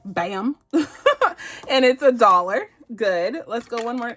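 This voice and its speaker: A woman's voice: a little high, lively intonation, slow pace, a bit bright. A bubbly woman hosting a budgeting vlog, gushing and giggling as she plays savings challenges and says y'all. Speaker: budgeting channel host. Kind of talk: casual chat reviewing savings challenges.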